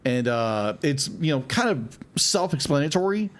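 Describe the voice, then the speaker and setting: A man's voice: on the high side, very animated, normal speed, a bit bright. A man co-hosting a film podcast, talking casually and rambling, with many fillers and restarts. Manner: rambling, filler-heavy, repeats "be like" and "um". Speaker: podcast co-host. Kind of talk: casual chat.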